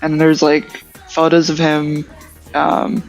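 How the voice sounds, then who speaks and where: A podcast co-host telling a fun fact in casual chat, unhurried and with filler pauses. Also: mid-range voice, completely flat delivery, dull audio, soft background music.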